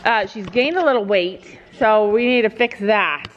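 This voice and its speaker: A woman's voice: mid-range voice, moderate pace, slight background noise. A middle-aged woman hosting a family vlog from a horse barn, telling a story dramatically and cooing at her horses between sentences. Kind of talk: casual chatty vlog storytelling. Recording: echoey, slightly dull, faint ambience.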